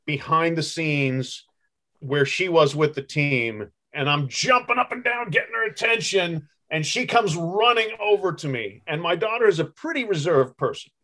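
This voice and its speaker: A man's voice: a little high, expressive, moderate pace, bright, forceful tone. A middle-aged man, a guest sportswriter, chatting easily in an interview, laughing often and telling stories fondly. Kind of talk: casual interview chat.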